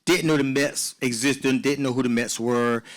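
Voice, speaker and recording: A man in his sixties from South Carolina, a former ballplayer answering questions at a live Q&A in a relaxed, rambling, self-mocking way. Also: mid-range voice, moderate pace. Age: 60s. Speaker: former baseball player, guest. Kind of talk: casual storytelling in a Q&A.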